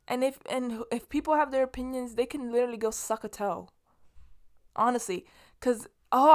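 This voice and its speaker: A young woman from Los Angeles hosting her podcast alone, chatting in a rambling, casual way, swearing freely and restarting often. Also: on the high side. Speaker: podcast host. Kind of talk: casual solo monologue.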